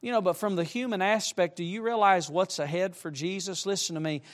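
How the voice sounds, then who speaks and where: A middle-aged man preaching to young people, with emphatic direct appeals and shifts between soft asides and loud, rising emphasis. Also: high voice, fairly quick. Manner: emphatic, repeatedly urging listeners with direct appeals. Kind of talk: sermon to a youth congregation.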